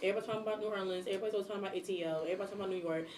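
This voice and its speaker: Twenties woman, rapid animated podcast co-host, faint background hiss. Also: medium pitch. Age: 20s. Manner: fast, animated, laughs often. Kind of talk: casual chat.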